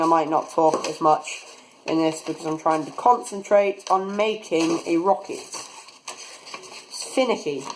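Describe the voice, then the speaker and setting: Chatty young rocketry hobbyist. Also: male voice, sits high, a little hiss or hum, low-quality recording. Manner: chatty, rambling, talks while working. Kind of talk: casual build tutorial. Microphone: phone camera.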